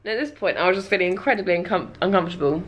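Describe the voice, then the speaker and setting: A woman's voice: mid-range voice, pushed and bright, husky. A young woman vlogger telling a travel story to camera in a chatty, casual way, laughing often and dropping dry asides.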